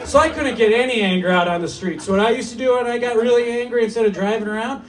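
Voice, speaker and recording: A man in his thirties performing a stand-up comedy set in a small cafe, telling stories in a mock-serious, animated way, with laughter behind him. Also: very high-pitched, quick pace. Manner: animated, mock-serious storytelling with put-on voices. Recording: distant mic with noisy room. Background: audience laughter.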